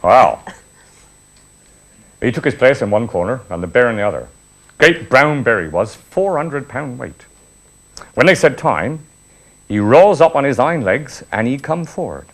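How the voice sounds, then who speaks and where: A man's voice: mid-range voice, unhurried, pauses often. Old man spinning a yarn. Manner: broad dialect, chuckling, lively storytelling. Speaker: storyteller. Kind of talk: spoken reminiscence, folk tale.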